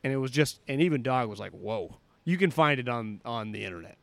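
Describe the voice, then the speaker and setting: Animated male podcast storyteller, dry mic. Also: mid-range voice, quick pace, no echo. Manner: animated storyteller, acts out quotes. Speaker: podcast co-host. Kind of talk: casual sports chat.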